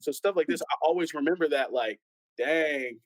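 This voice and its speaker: A young man tells his stories in a loose panel conversation, slipping into the voices of the people he quotes. His voice sits a little high. The sound is close and dry. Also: fast talker, no room sound, poor audio. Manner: animated storyteller, acts out quoted voices. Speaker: pastor's son guest. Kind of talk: casual panel chat.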